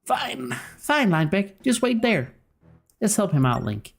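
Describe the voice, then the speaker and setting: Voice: mid-range voice, sing-song, a little slow, creaky, soft background music, voice pushed up, exaggerated voice. A streamer doing a sassy little fairy girl. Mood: indignant. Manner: indignant, sassy. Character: spunky young female fairy companion. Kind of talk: voicing game dialogue live.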